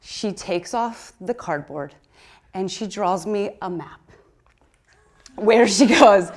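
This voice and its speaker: A woman in her thirties spins a comic story for a live talk. She is chatty and excitable and peppers every sentence with "like". Her mid-pitched voice often breaks into laughter mid-phrase. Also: slow pace, long pauses. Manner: excitable and chatty, heavy use of "like"; laughs through her words. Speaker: speaker at a conference talk.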